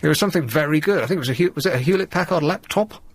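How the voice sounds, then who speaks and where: A man's voice: a little high, racing, husky, dry recording. A man hosting a radio show, chatting playfully and rambling through on-air items. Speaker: radio host. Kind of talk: casual radio chat.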